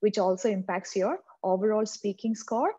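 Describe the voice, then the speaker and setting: A woman's voice: medium pitch, moderate pace, warm tone, breathy edge, dull audio. Earnest woman tutor with an accent. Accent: non-native English. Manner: earnest, repeats key points for emphasis. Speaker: exam coaching tutor. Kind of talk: instructional tutorial.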